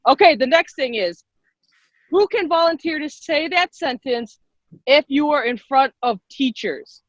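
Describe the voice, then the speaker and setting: A woman leading an online public speaking workshop on a video call, lively and quick-talking, encouraging the participants. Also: high-pitched, no echo. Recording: dull lo-fi video call audio.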